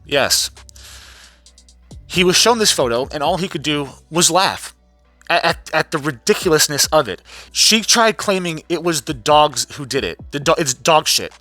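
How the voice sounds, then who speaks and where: A man recapping a trial in a casual vlog, telling the story in a profane, animated way and acting out quotes in other voices. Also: fairly high pitch, moderate pace, dry recording, faint music behind.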